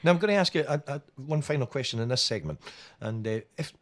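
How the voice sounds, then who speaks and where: A man's voice: mid-range voice, lively intonation, quick pace. A Scottish man hosting a radio interview, stumbling and restarting, with friendly teasing. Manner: hesitant, many restarts, teasing. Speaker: radio host.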